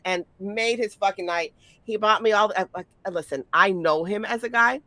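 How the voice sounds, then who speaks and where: Bright-voiced woman telling profane stories. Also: medium pitch, fairly quick, no room sound. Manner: animated, profane, stumbling repetitions. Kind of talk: casual storytelling chat.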